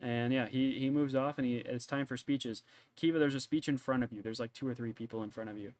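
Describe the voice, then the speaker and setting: A man's voice: mid-range voice, fairly even intonation, brisk, darkish tone. A man narrating as game master in a tabletop game, casual and rambling, often stumbling over his words.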